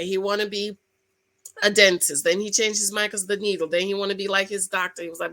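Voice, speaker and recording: A woman with a bright, forceful voice talks straight to her viewers in a casual commentary. She is expressive and emotional, jumping from loud excitement to quiet asides. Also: mid-range voice, fast talker, low-quality recording. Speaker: vlogger reviewing a reality show.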